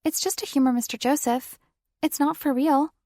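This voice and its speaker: A woman narrating an audiobook and voicing a flustered young woman who talks in a rushed, blunt way. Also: steady tone, darkish tone, dry recording, studio quality, lightly acted. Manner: rushed, blunt, high-strung.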